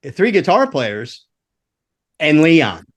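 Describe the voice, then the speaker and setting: A man's voice: a little high, slow. A man telling loose, profane road stories from his years as a rock roadie. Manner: animated, profane anecdotes. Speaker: veteran rock roadie guest. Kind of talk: casual storytelling chat.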